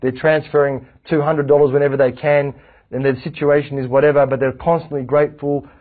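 A man giving a casual religious class, lively and animated, acting out little anecdotes. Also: a little high, a little fast. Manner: lively, animated, acts out anecdotes, frequent restarts. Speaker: religious teacher. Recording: tinny phone-like lo-fi recording.

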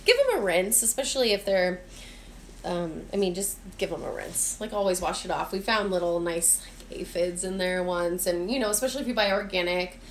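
A woman's voice: lowish voice, brisk, a little hiss or hum. A woman giving a casual, chatty cooking demonstration in her home kitchen, mixing instructions with friendly asides. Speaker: cooking vlogger and teacher.

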